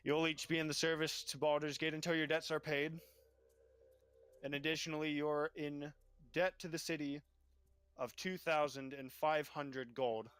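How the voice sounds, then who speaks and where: A man's voice: fairly high pitch, little pitch movement, normal speed, fairly bright tone, clear, resonant tone, pitched above the performer's own voice, natural voice. A man voicing a stern male city magistrate in a tabletop game, formally reading out charges and sentences. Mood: severe.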